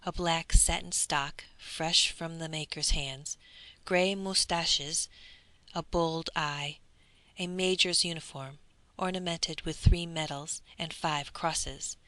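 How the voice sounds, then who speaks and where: A woman narrating a classic adventure novel as an audiobook reader, in slow, deliberate phrasing. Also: sits low, steady tone, pushed and bright, no echo.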